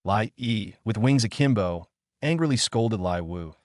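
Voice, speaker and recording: Guy narrating a fantasy story, low-ish voice, dry close mic, steady reading. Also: unhurried, no room sound.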